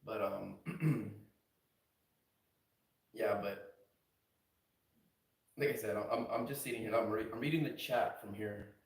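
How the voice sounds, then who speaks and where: A man's voice: on the low side, unhurried, pauses often, echoey room, recorded from a distance, rough recording. A young man streaming late at night from a house, rambling casually and swearing in a laid-back way.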